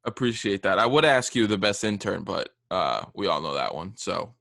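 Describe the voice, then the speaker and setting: Low gravelly young male host. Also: expressive, moderate pace, bright, forceful tone, no echo. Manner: brief, easygoing questions. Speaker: podcast host. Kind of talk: casual interview chat.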